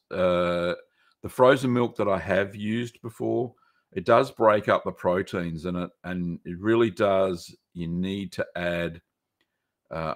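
An Australian man hosting a live stream, answering viewer questions in a rambling, easygoing way with many fillers. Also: fairly low pitch. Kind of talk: casual live-stream chat.

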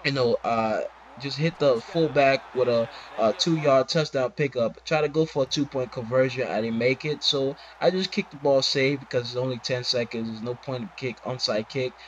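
A man's voice: medium pitch, normal speed, muffled recording, slight background noise. A man giving casual commentary over a replay of his own game, complaining in an exasperated voice and asking rhetorical questions, with plenty of fillers. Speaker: gameplay commentator.

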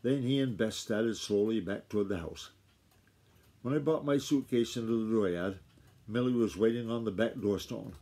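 A father reading a novel aloud to his child at home, steady and unhurried. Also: fairly low pitch.

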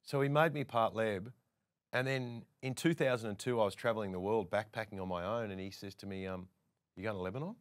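Fairly low in pitch and a little fast, the Australian guest presenter relates casual anecdotes. He acts out other people's dialogue, keeping the storytelling lively.

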